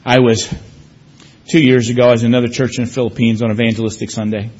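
A man's voice: medium pitch, level tone, fast talker, darkish tone, dull audio. A man preaching a sermon, telling personal stories with emphatic, varied delivery. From United States.

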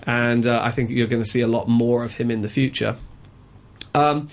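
A man's voice: mid-range voice, steady tone, moderate pace. A man reviewing a film in a casual radio chat, opinionated and chatty, with frequent ums and uhs.

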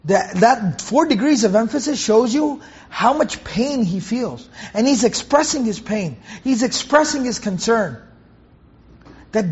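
A man with a very high, breathy-husky voice delivers a Quran commentary lesson. He talks earnestly, circles back to repeat key phrases, and slows to recite Arabic verses. The recording sounds dull and muffled, like lo-fi audio. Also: animated. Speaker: Quran teacher.

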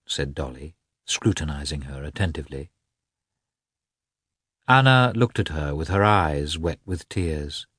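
Low, husky male audiobook narrator. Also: expressive, unhurried, pauses often, a bit bright, no echo, studio quality. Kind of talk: scripted narration.

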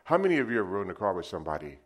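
A man preaching a sermon, telling lively stories and acting them out with sound effects. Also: low voice, very fast. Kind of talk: sermon with storytelling.

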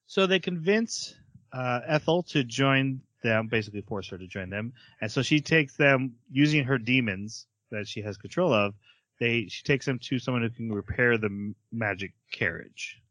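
A man with a bright, forceful voice chats casually on a podcast, retelling an anime episode scene by scene. He acts out the characters' lines as he goes and laughs often. The sound is close and dry. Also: medium pitch, animated, moderate pace, no echo. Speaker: podcast co-host reviewing anime. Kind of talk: casual chat, recapping an episode.

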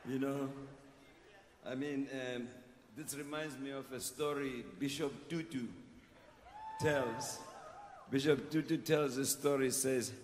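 A man's voice: mid-range voice, fairly even intonation, slow, pauses often, background noise. A man talking to a festival crowd from the stage between songs, telling a story with chuckles and coaching the audience. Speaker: performing musician. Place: concert stage at an outdoor festival. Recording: live concert in a reverberant venue. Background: band and music playing.

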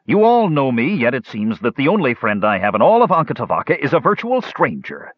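A shrill, sputtering old dwarf, proud and enraged, as a man puts him on in an audiobook story, the voice pushed up high and swinging wildly. He rants indignantly, through a dull, dry, lo-fi recording. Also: huge pitch swings, brisk, no echo. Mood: bitter.

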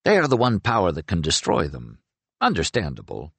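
A man's voice: low voice, wildly swooping pitch, brisk, creaky, a bit bright, slightly rough, no room sound, full character voice. A man voicing a wry, talkative young sorcerer who soothes a shaken friend in an audiobook.

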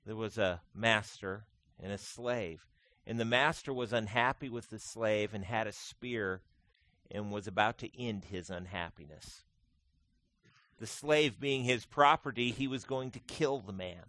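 A man preaching a sermon as pastor, swinging between quiet intimate lines and loud, emphatic, repeated declarations. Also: fairly low pitch. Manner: slow deliberate delivery with repeated phrases.

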